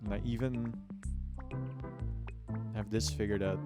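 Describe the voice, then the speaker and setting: A man's voice: lowish voice, steady tone, a little slow, loud music behind the voice. A man streaming live and chatting casually, rambling along with plenty of self-mockery and offhand swearing.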